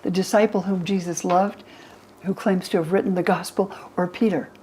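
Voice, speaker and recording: Older woman scholar, mellow and lively. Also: moderate pace, a little hiss or hum, rough recording. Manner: lively, acts out the quoted speakers in higher voices. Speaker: religion scholar and guest. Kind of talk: explaining to an interviewer.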